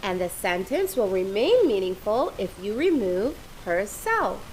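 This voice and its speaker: A woman teaching English grammar in a patient, deliberate way, repeating example sentences with careful emphasis. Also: mid-range voice, very animated, darkish tone, poor audio. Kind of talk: slow, deliberate classroom explanation. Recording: faint hiss.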